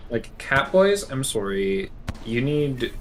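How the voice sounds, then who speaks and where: A man's voice: medium pitch, sing-song, slow pace, a little hiss or hum. A man streaming a game live, chatting casually and rambling, correcting himself as he goes.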